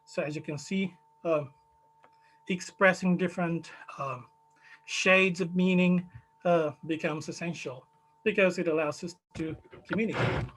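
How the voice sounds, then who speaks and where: A man with a Chilean Spanish accent presenting his study in a conference talk, measured and full of fillers. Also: high voice, steady tone, fairly bright tone, a little hiss or hum, rough recording. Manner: measured, many fillers, stresses key words.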